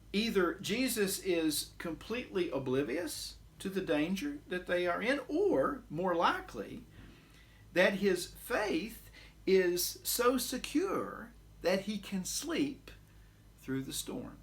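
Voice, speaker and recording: A man teaching a bible lesson, speaking slowly and deliberately with frequent "uh" pauses, his voice rising sharply when he quotes. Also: on the high side, a bit bright. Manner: slow and deliberate, many "uh" pauses, voice rises sharply when quoting. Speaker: pastor teaching scripture.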